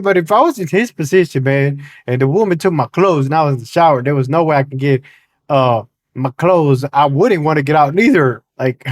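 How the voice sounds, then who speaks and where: Man, reaction host, slightly high pitch, very lively intonation, casual and chatty. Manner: chatty, addresses viewers, laughs while talking. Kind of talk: casual commentary to viewers.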